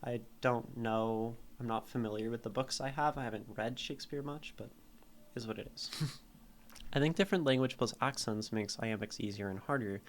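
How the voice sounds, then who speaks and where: A man's voice: mid-range voice, moderate pace, slight background noise. A man streaming live, reading a poem aloud and then picking apart its meter and syllables. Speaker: streamer critiquing poetry.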